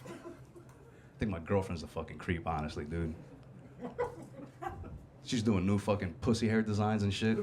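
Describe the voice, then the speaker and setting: A man's voice: sits low, steady tone, normal speed, pauses often, background noise. A man hosting a comedy show, doing a casual, profane stand-up set on a club stage. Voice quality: casual, profane, laid-back delivery.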